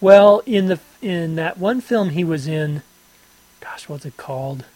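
A man co-hosting a podcast in casual chat, rambling and halting, often laughing. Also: on the high side, lively intonation, a little mellow, no room sound, rough recording. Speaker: podcast co-host.

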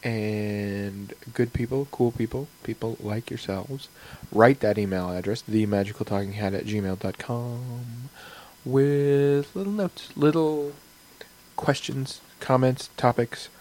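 Man, podcast co-host, lowish voice, rambling, joking, casual chat. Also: fairly even intonation, measured pace, darkish tone, rough recording. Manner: rambling, joking, sighs and restarts.

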